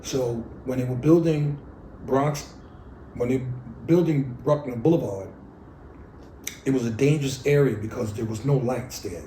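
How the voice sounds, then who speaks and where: A man's voice: medium pitch, a little mellow, roomy sound, a little hiss or hum, rough recording. Older blunt-spoken New man. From New York City. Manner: blunt, profane storytelling. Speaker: oral history interviewee. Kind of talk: oral history storytelling.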